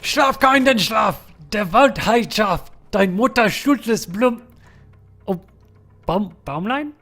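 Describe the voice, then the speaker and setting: A man doing an exaggerated mock-German accent for a loud, theatrical hammy character during a game stream. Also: high voice, animated, slow pace, pitched above the performer's own voice, exaggerated voice. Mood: sing-song.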